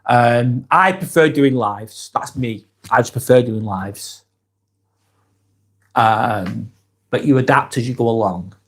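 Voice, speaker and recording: Lancashire man hosting a live vlog, chatty and unhurried, lots of ums, sounds tired; read comments and reply warmly. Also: mid-range voice, slight background noise. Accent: Lancashire English. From England. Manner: reads comments aloud and answers in a relaxed, chatty way with many ums and restarts. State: fatigued. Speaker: live-stream host. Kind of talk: casual live-stream chat reading comments.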